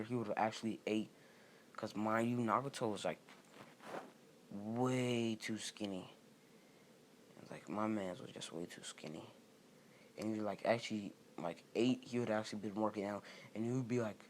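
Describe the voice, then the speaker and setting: A man's voice: lowish voice, a little hiss or hum. A young man telling a fan story off the cuff, rambling with many fillers and restarting sentences. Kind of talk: casual unscripted storytelling.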